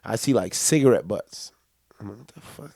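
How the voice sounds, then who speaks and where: A man's voice: lowish voice, animated, moderate pace, warm tone, no room sound, clean studio sound. A young man co-hosting a podcast, telling a long story in casual chat, acting out quotes and laughing often. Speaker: podcast co-host.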